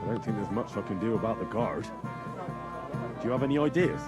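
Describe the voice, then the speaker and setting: An actor playing a polite young man in a video game, calm and dryly courteous. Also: lowish voice, normal speed, loud music behind the voice.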